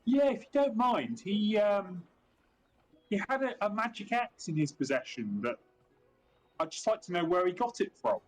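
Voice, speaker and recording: A man's voice: high voice, animated, moderate pace, soft background music, rough recording. An Australian man playing his character in a tabletop game over an online call, polite with stammering restarts. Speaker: player. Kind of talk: tabletop role-play.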